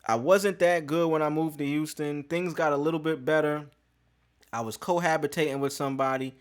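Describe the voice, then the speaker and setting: A man's voice: on the high side, fairly even intonation, a little fast. A man hosting a podcast, telling a story in casual street slang with plenty of profanity. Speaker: podcast host.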